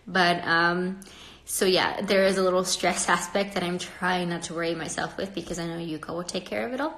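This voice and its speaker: In a roomy-sounding space, a young livestream host speaks a little fast in a lowish voice. She's pregnant and a bit stuffy-nosed, rambling chattily to her viewers with frequent laughs and growing animated when something annoys her.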